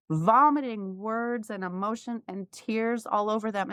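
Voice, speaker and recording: A middle-aged woman recounts a personal story on her podcast, open and emotional, full of asides. Her voice sits at an ordinary pitch, recorded close and dry. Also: no echo. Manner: emotional, candid, animated with frequent asides. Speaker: podcast host, life coach.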